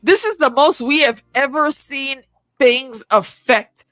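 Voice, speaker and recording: A woman's voice: high voice, lively intonation, takes it slowly, a bit bright, dry recording. A woman in casual chat, enthusiastic and talking in long runs. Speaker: co-host of a TV episode discussion.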